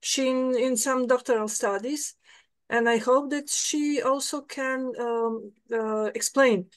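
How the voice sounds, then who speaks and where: Woman, higher voice, hesitant, word-searching, video call. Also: fairly even intonation, slow. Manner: hesitant, searching for words in non-native English. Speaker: meeting participant. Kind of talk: casual online meeting talk.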